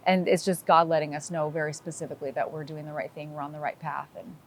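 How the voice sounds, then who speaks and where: A woman's voice: sits low, level tone, fast, slight background noise. A middle-aged woman, a sheriff's wife, retelling a story in an interview with emotion and quoted dialogue.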